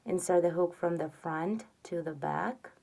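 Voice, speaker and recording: Slow, patient woman teaching crochet. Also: fairly low pitch, creaky. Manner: slow, patient, counts stitches aloud softly. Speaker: crochet instructor. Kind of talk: step-by-step tutorial narration.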